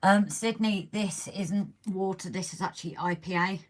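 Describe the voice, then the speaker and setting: At a model railway layout indoors, a woman with a medium-pitched voice hosts a casual live stream at normal speed. She chats while working and reads viewer comments aloud, though she is losing her voice.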